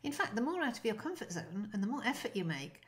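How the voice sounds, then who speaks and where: A woman teaching an online language lesson, lively and encouraging, demonstrating short French phrases. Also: fairly high pitch, fast talker.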